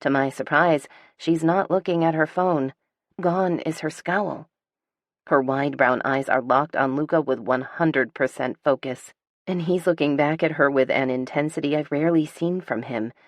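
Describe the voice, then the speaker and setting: A woman narrating a first-person romance audiobook in a low, dark voice. Her delivery is dry and sardonic, unhurried and measured. The recording is close-miked and completely dry, with no room sound. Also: no echo.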